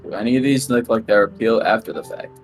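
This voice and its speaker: A young man on a group stream, giving blunt, deadpan instructions and asides in casual chat. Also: fairly low pitch, quick pace. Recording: faint music behind.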